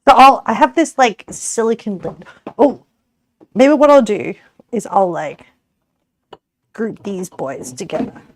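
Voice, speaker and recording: A woman's voice: medium pitch, animated, a little slow, long pauses, a little hiss or hum. An Australian woman streamer chatting casually with her viewers while cooking, giggly and rambling, often correcting herself.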